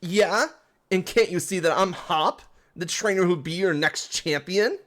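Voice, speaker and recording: A man's voice: sits high, a little slow, a bit bright, pitched above the performer's own voice. A man voicing an eager, boastful teenage boy trainer in a put-on British accent. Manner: cheery, boastful.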